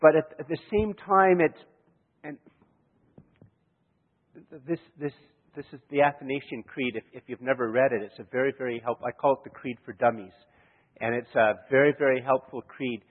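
Male preacher, storytelling sermon style, husky, heard through a thin lo-fi recording in a reverberant hall. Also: mid-range voice, normal speed. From Canada. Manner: storytelling, chuckling, many restarts. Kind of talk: sermon with anecdotes. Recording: echoey hall, tinny lo-fi sound.

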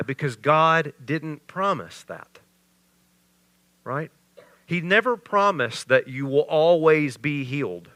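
A male pastor preaching a sermon, with sarcastic asides that build into loud, animated bursts. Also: on the high side, dry recording.

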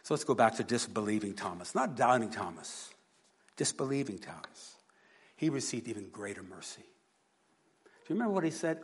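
A man preaching a sermon, earnest, moving between hushed and emphatic delivery. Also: medium pitch, lively intonation, a little fast, breathy edge. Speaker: pastor.

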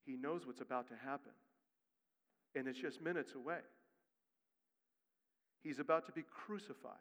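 A male pastor preaching a sermon. He moves from quick, quiet asides to loud, rising emphasis. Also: mid-range voice. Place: church sanctuary. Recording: long reverb of a church hall.

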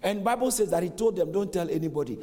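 A man's voice: high voice, animated, fast, warm tone. A man preaching a sermon as a pastor, acting out dialogue with animation. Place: church hall. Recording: long reverb in a large hall.

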